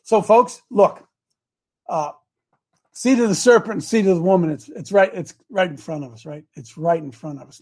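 A man's voice: high-pitched, moderate pace, a little mellow. A man hosting a live show, talking like a preacher and repeating himself for emphasis. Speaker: host. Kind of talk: live stream talk.

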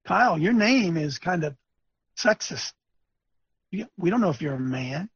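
Male webcast host, preachy ranter; raspy, gravelly delivery that lurches from shouts to mutters. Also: high voice, sing-song, measured pace. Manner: emphatic, repetitive, swings between shouting and muttering. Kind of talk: preachy ranting commentary. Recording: dull lo-fi dry recording.

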